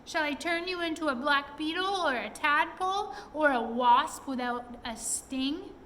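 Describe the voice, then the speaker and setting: A woman's voice: high voice, lively intonation, measured pace, a bit bright, a little hiss or hum, pitched above the performer's own voice. A woman voicing a bold, hot-tempered little male pixie in a storybook read-aloud. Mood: defiant. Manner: indignant, defiant.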